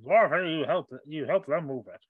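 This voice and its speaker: A man's voice: a little high, normal speed, husky, no echo, phone-quality sound. A man playing a bossy wizard smuggler boss.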